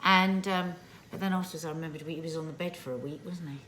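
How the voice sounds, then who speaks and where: Woman, review co-host, lowish voice, chatty and emphatic; faint background noise. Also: steady tone, fast talker, fairly bright tone. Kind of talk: casual chat.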